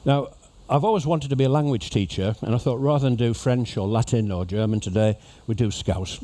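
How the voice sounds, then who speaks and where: A man's voice: mid-range voice, fairly quick, mellow. A man giving a humorous, chatty talk to cruise passengers as an after-dinner speaker. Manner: jokey, chatty storyteller addressing an audience. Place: ship lecture venue.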